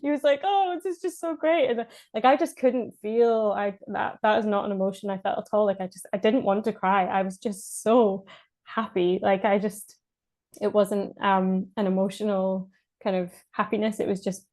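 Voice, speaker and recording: A woman's voice: medium pitch, level tone, normal speed, darkish tone. A Scottish woman from Scotland, a podcast guest, telling her birth story in casual speech, hesitant with many fillers and restarts and frequent laughs.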